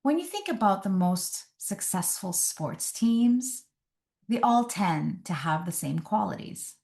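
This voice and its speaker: A woman relationship coach giving advice straight to the camera, in a measured, deliberate way with emphatic pauses. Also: medium pitch, lively intonation, creaky, darkish tone.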